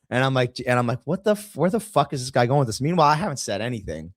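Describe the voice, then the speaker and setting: A man's voice: medium pitch, sing-song, very fast, few pauses, dry recording, clean studio sound. A man telling a long story in casual chat, swearing often and acting out the voices of the people in it. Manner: profane, acts out the voices of others in his story.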